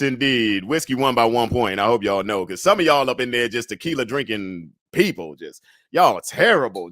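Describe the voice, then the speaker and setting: A man hosting a casual live chat show, laid-back and chatty, laughing often, swearing freely and breaking into loud whoops. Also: mid-range voice, expressive, normal speed, dry recording, clean studio sound. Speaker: livestream talk show host.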